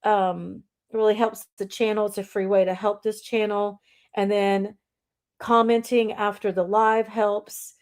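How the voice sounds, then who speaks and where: A woman's voice: medium pitch, level tone, unhurried. A woman hosting a casual live stream, chatting with viewers and calling them y'all. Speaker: livestream host.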